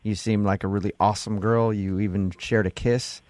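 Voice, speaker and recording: A man's voice: fairly low pitch, steady tone, brisk, a little mellow, no room sound. A man hosting a radio show, laying out the story and teasing the caller.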